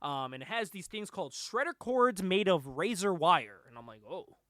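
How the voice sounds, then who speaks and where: A man hosting a casual podcast chat, retelling a movie in an animated way, acting out the characters' lines and laughing often. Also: high voice, moderate pace, no echo, clean studio sound. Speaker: podcast host.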